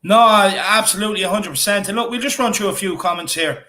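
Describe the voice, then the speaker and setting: High-voiced Irish man chatting. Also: fast, bright, forceful tone. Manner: chatty, repeats himself, many fillers. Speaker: fan channel co-host. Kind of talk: casual live-stream chat reading comments.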